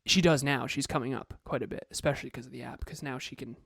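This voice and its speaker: A man's voice: mid-range voice, steady tone, fast, creaky, a bit bright, husky, dry recording, clean studio sound. A man co-hosting a motivational podcast, talking emphatically and repeating words for stress. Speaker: podcast co-host and coach.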